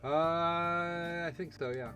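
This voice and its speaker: Sarcastic guy commentating a game, slow, bright voice, repeats himself a lot. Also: a little high, steady tone, soft background music. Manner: sarcastic, repeats words when stumbling. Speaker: let's play host.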